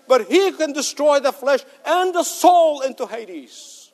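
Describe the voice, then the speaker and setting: A man's voice: very high-pitched, lively intonation, a little slow. A male preacher giving an emphatic sermon with rhetorical questions and joking asides. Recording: long hall reverb.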